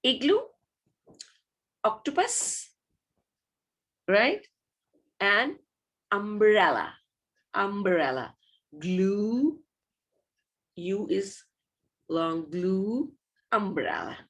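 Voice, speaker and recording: A woman with a gravelly, slightly creaky voice teaches phonics to small children at a very unhurried pace. She repeats each word patiently in a sing-song way and keeps checking in with gentle rising questions. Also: mid-range voice, animated. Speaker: early years teacher. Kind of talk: recorded online phonics lesson.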